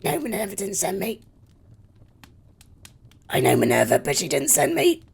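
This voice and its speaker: Gravelly-voiced woman playing in character. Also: mid-range voice, wildly swooping pitch, moderate pace, crowd noise. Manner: hesitant in-character talk with fillers. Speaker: player. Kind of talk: playing a tabletop game in character.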